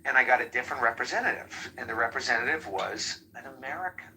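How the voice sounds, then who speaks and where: A man's voice: mid-range voice, expressive, fast talker, gravelly, pushed and bright, slight background noise, poor audio. A man on a podcast telling a frustrated, profane story in a casual way. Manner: grumbling, profane complaining. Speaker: podcast co-host.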